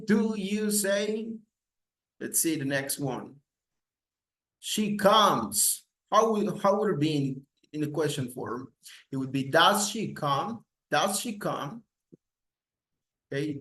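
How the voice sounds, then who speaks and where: A man's voice: fairly high pitch, fairly bright tone. A man teaching English grammar to Spanish speakers, repeating example questions with rising intonation and switching between English and Spanish. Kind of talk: slow recorded grammar lesson.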